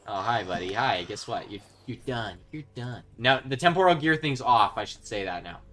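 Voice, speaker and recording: A young man giving casual commentary while he plays a video game. He swings from quiet muttering to yelling when he is excited. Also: mid-range voice, moderate pace, slight background noise. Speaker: gaming video host. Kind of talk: casual let's-play commentary.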